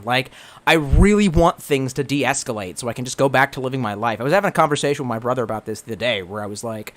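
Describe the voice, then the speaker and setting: With a mid-range voice and a fast pace, a man chats casually on a livestream, reading chat aloud. He rambles and swears, stammers through restarts, and swings from excited to gloomy.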